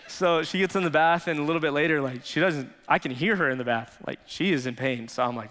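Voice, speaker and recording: A man's voice: on the high side, fairly quick, bright, forceful tone, big-room sound. A man preaching a sermon as pastor, telling stories in a casual, conversational way full of "like". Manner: conversational storytelling, frequent "like".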